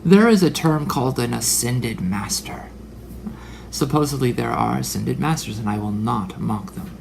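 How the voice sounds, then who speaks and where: A man's voice: medium pitch, normal speed, vocal fry, noisy background. A man in his forties delivering a religious monologue, dramatic, sometimes dropping into whispered asides. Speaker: religious speaker. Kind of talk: preaching monologue.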